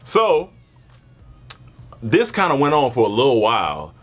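A man telling a comedic childhood story in casual chat, animated and laughing often, acting out voices. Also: mid-range voice, unhurried. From born in Germany, grew up partly in Panama.

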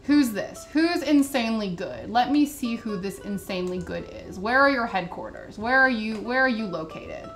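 A woman's voice: fairly high pitch, expressive, moderate pace, few pauses. Sarcastic woman griping at a recipe list. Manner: sarcastic, indignant running commentary. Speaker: vlogger. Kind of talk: casual chat while reading a recipe list. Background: soft background music.

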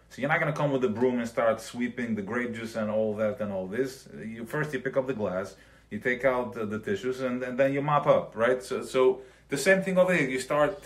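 In a live recorded Chassidic class, a man with a medium-pitched voice talks casually to a small group. He mixes Yiddish words into his speech, repeatedly makes sure his listeners are following, and plays out everyday scenes using his own character voices.

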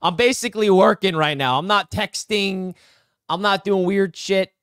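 Young guy streaming live, kinda high voice, super hyped, rambling to chat, dry sound. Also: moderate pace, a bit bright, smooth, dry recording. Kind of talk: excited live-stream sports reaction.

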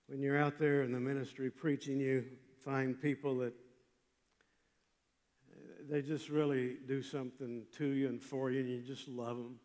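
An older man preaching a chapel sermon, telling a story with emphatic swings from loud passages to hushed ones. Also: mid-range voice, flat delivery, unhurried, pauses often. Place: large chapel. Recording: long hall reverb.

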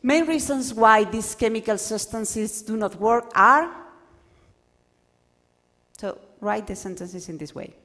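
A woman whose first language is Spanish gives a lively workshop lecture to doctoral students, acting out examples and often restarting her sentences. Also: fairly high pitch, takes it slowly, pauses often. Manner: animated, acts out examples, stumbles and restarts. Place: lecture hall. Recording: lecture hall with long reverb.

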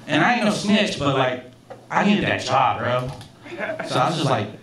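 A man's voice: mid-range voice, very animated, slow, pauses often, a crowd in the background. A man doing a stand-up comedy set on a club stage, telling stories in a casual, profane, self-mocking way. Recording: roomy club sound from a distance, audience laughter.

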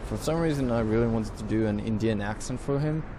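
Young dude doing laid-back game commentary, deepish voice, cusses and yelps when stuff goes wrong. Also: male voice, a little fast, a little hiss or hum. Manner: swears a lot, sudden loud outbursts. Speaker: let's play host. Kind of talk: casual gameplay commentary.

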